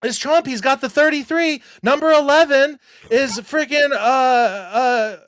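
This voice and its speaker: A man hosting a live talk show, excitedly breaking down theories, talking over himself and getting worked up to a yell. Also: extremely high pitch. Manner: excitable, rapid, self-interrupting, gets worked up and yells. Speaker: show host. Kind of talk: excited conspiracy breakdown chat.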